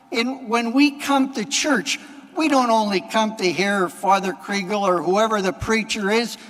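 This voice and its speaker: A man's voice: sits high, a bit bright. A man, a Catholic priest, giving a homily in plain conversational words, repeating phrases and adding offhand asides. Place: large church. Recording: long echo of a church hall.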